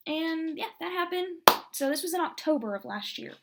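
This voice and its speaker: A woman's voice: very high voice, lively intonation, normal speed, heavy background noise. A young woman in her twenties telling a candid personal story on her vlog, rambling and saying "like" a lot. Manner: candid, rambling, heavy use of "like". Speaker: vlogger.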